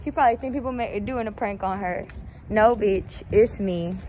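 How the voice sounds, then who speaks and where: A young woman vlogging outdoors at an apartment complex on a handheld phone camera, ranting loudly with profanity and yelling out names. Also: mid-range voice, moderate pace, slight background noise. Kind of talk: confrontational vlog rant.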